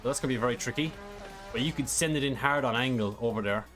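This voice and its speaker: A mid-range, slightly bright voice comes fast from a sim racing streamer over soft background music. He reads chat and breaks down a track in a casual, meandering way, using many filler words.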